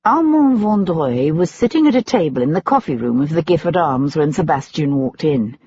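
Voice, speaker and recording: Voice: medium pitch, very animated, normal speed, a little mellow, a little hiss or hum. An audiobook narrator reading a period mystery in scripted narration. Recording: dull lo-fi audiobook recording.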